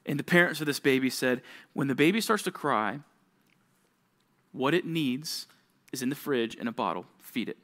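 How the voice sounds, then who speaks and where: A man's voice: mid-range voice, expressive, moderate pace, fairly bright tone. A young man, a youth pastor, giving a casual, conversational sermon to teenagers, full of rhetorical questions.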